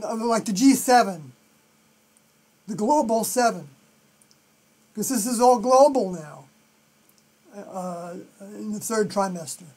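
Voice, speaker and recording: A live stream host with a New York accent, thinking aloud through scripture commentary and often trailing off softly. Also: medium pitch.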